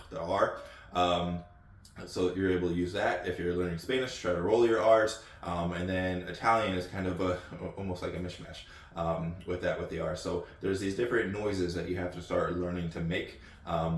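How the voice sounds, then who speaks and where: A man from the United States hosting his channel, chatting off the cuff with lots of ums and restarts. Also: sits low. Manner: rambling, many ums and repeated words. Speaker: channel host. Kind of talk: casual off-the-cuff talk. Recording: echoey room, distant mic.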